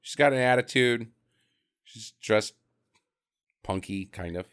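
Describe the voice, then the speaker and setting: A man's voice: medium pitch, slow pace, fairly bright tone, clean tone. A man co-hosting a podcast, recapping a film in casual chat, joking and laughing often. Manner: jokey, laughs often, acts out quotes. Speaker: podcast co-host.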